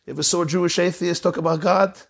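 A man teaching a Torah lecture as a rabbi, animated, swinging between soft asides and emphatic declarations. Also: high-pitched, fast, gravelly.

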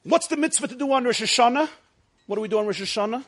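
High-voiced man lecturing a class. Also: animated, fast talker. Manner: asks the class questions and answers them himself, jokes with them. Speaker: rabbi teaching a class.

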